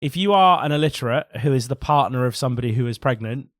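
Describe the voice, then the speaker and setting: A man's voice: mid-range voice, fast talker, no echo, clean studio sound. A British man in his thirties co-hosting a comic book podcast, telling jokey stories in casual chat. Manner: animated, jokey storytelling. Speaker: podcast co-host.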